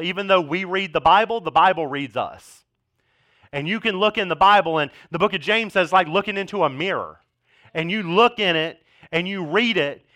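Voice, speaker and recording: Bright, smooth-voiced joking pastor. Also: male voice, high voice. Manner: casual, joking storytelling with sarcastic asides. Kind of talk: sermon.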